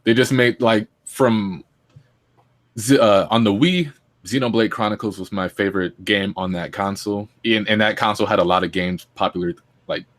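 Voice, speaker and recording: A man's voice: lowish voice, steady tone, moderate pace. A man hosting a casual gaming podcast, talking enthusiastically with lots of fillers. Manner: enthusiastic, many fillers and restarts. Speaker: podcast host.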